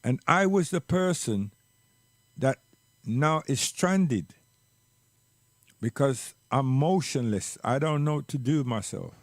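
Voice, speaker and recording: A man telling a personal story slowly and reflectively, repeating words for emphasis. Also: medium pitch, expressive, no echo.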